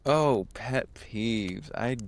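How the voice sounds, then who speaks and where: A man's voice: medium pitch, drawn-out words. A man who edits the podcast answering interview questions hesitantly, thinking aloud. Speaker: podcast editor, guest.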